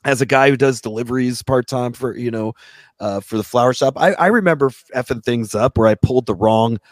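A radio talk show host, male with a mid-range voice, talks a little fast as he tells a long story in a casual, swearing rant. He is animated and acts out what other people said. The clean studio sound has no echo.

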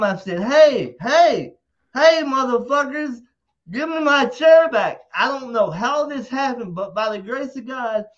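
A man telling a rowdy story in casual talk, animated and profane, acting out quotes loudly. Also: sits high, dull audio. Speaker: interview guest.

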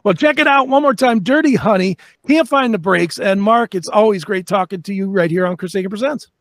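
High-voiced friendly interview host. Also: male voice, fairly quick, fairly bright tone, no room sound. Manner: friendly, says "dude" and "man". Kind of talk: casual interview chat.

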